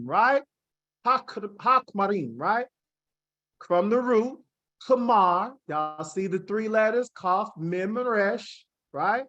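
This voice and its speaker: Slow-paced man teaching a Bible lesson. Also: high-pitched, fairly bright tone. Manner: reads scripture aloud, sprinkles in "right?" checks to the class; spells out Hebrew words slowly. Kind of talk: classroom Bible lesson with slides.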